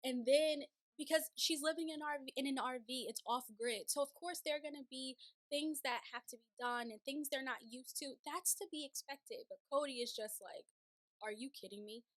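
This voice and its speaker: A woman hosting a casual recap of a TV show, chatty and animated, slipping into playful voices when she paraphrases. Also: sits high, normal speed, no room sound. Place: city home, sirens outside.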